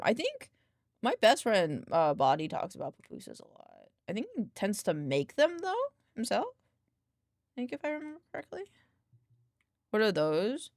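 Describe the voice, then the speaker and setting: A woman's voice: medium pitch, no room sound, studio quality. A woman streaming from her home desk, chatting casually and playfully teasing, cooing baby talk at her cat. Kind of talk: casual live-stream chat.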